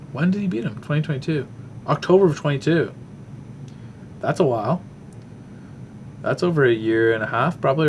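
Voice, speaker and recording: A man of ordinary pitch talks through upcoming fights in a loose, off-the-cuff way, full of ums and half-finished thoughts. He sounds close to the microphone, with a faint rumble underneath. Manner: rambling, thinking aloud with many fillers. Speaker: podcast host. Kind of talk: casual fight breakdown.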